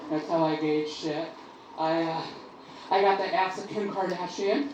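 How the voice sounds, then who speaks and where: A woman's voice: on the low side, steady tone, a little slow. A woman doing stand-up comedy with a brash, bawdy, exaggerated delivery on a comedy club stage. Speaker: stand-up comic. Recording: echoey club miked from a distance, loud room noise.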